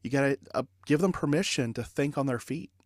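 A man in his forties, a podcast guest and leadership consultant, telling an anecdote in a lively, conversational way with fillers. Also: medium pitch, brisk, no room sound, clean studio sound. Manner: animated anecdote telling with laughs and filler words. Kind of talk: conversational storytelling.

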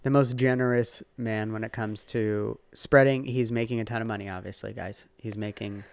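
A middle-aged man hosting a casual podcast as a father, talking in an animated, rambling way full of fillers and restarts. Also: lowish voice, moderate pace, gravelly, smooth, no room sound.

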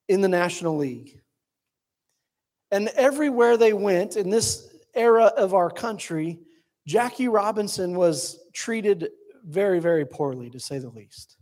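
A man preaching a sermon, telling the story quickly and then dropping to slow, hushed lines. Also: high voice. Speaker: pastor.

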